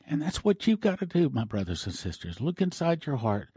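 A man's voice: a little high, sing-song, fairly quick, dark tone, husky, no room sound, studio quality. A man hosting a ministry broadcast, preaching informally and appealing for support, rambling with restarts and emotional asides. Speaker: host of a prophecy ministry broadcast.

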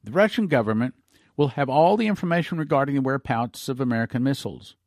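Solemn male angel read by a man, measured prophetic warnings, dry close sound. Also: medium pitch, animated, darkish tone, no room sound, close to an everyday voice. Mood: grave. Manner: grave, measured pronouncements. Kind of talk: read-aloud story.

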